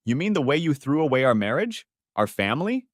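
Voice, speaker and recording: A man voicing a betrayed husband who speaks calmly but caustically to his unfaithful wife. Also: medium pitch, a little fast, no room sound, studio quality, pitched above the performer's own voice. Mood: cold. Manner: calm but cutting, caustic. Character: betrayed, coldly angry husband.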